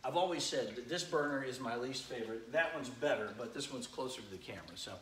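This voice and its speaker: A man's voice: mid-range voice, quick pace, fairly bright tone. A middle-aged man hosting a casual live cooking demo from his home kitchen, chatting to viewers and greeting them by name as he fries chicken. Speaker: cooking show host. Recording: echoey kitchen, faint frying noise. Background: sizzling frying pan.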